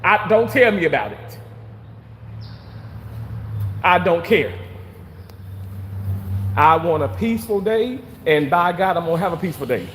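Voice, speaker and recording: Animated man venting on a break. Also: high-pitched, a little slow, pauses often, in a large hall, slight background noise. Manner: animated, swears freely, repeats phrases. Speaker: vlogger reading live chat. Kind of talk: casual venting monologue.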